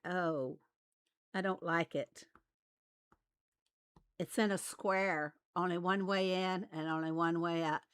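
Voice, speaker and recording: A woman's voice: lowish voice, steady tone, slow pace, long pauses, clear, resonant tone, dry recording. A woman from Arkansas with a light Southern US accent, chatting casually as she plays a game and laughing often. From Arkansas, USA. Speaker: game channel host. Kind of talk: casual gameplay commentary.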